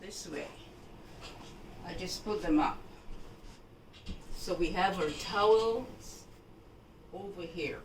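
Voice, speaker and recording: A woman talks slowly and patiently as she walks the viewer through a household task. She keeps checking that they are following along. Her voice comes from across an echoey room over steady background noise. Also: lowish voice, distant mic. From Jamaica. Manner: unhurried and instructive, often checking in with the viewer. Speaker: housekeeping vlogger. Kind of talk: home laundry-folding demonstration.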